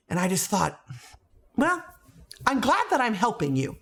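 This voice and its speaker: Emphatic, animated woman telling her story. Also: mid-range voice, normal speed. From United States. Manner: earnest, emphatic storytelling with rising exclamations. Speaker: education company founder, former principal. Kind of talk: personal story to camera.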